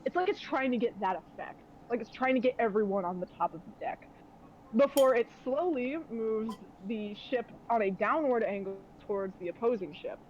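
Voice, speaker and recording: A young woman serves as game master for a tabletop game, narrating in a slightly high, expressive voice at a moderate pace. She rambles, uses lots of fillers and laughs often, and the dull lo-fi recording carries slight background noise.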